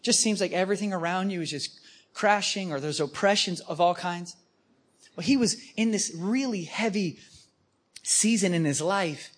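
A man preaching to a live audience, telling stories with animated emphasis. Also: sits high. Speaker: guest preacher. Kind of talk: storytelling sermon.

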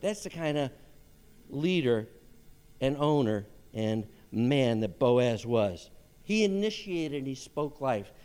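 A man preaching a sermon as pastor, animated and acting out voices from the story. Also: mid-range voice, takes it slowly, clear, resonant tone, long reverb tail.

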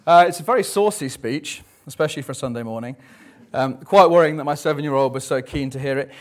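A man in his thirties delivering a church sermon with a slightly high voice. He talks in a relaxed, conversational way, slipping in jokes and frequent ums between points. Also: fast talker. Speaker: preacher. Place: church service.

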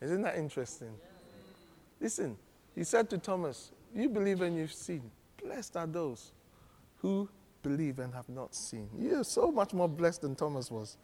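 A man preaching a sermon, animated and humorous, often laughing as he teaches. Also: on the high side, unhurried. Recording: long reverb of a large hall.

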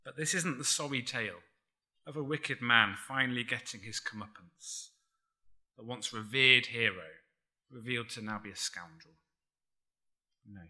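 Male preacher, sermon delivery, bright crisp tone, deliberate with quiet emphatic drops. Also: mid-range voice. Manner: measured, emphatic, drops to a near-murmur on key words.

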